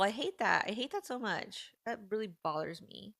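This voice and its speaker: A woman in her thirties hosting a casual live stream, talking in an animated, indignant way and saying "like" often. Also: medium pitch, moderate pace, vocal fry, no echo, studio quality. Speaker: livestream host.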